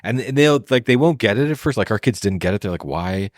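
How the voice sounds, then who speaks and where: A middle-aged man, a podcast guest, telling stories in an animated, casual way with quick restarts. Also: on the low side, no room sound, clean studio sound. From USA.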